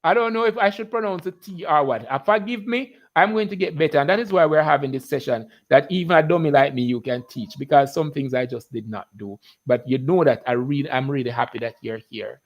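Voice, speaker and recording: A man's voice: fairly high pitch, muffled recording. Chatty Jamaican man teaching live. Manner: chatty, greets viewers by name, drawls terms slowly. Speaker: biology teacher hosting a live class. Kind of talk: casual live-stream lesson.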